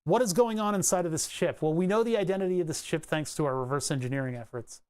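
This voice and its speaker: A man giving a casual electronics tutorial, thinking aloud as he traces a circuit board, rambling and joking and grumbling wryly about his software. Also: a little high, fast talker, smooth. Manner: rambling, joking, mutters while drawing. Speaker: electronics hobbyist explaining circuit tracing.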